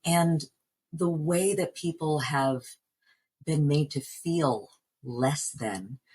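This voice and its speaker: A woman's voice: deep voice, slow, warm tone, slightly rough, low-quality recording. An American woman from New Jersey, a voice coach, answering interview questions in an earnest, reflective way. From New Jersey, United States. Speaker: voice coach and actor.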